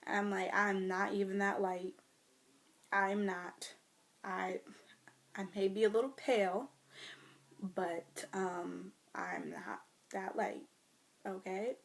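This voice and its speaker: Slow-talking young woman ranting to camera. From United States. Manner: animated storytelling, mimics others in loud high voices, drops to near whispers. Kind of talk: casual vlog rant. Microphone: phone or webcam.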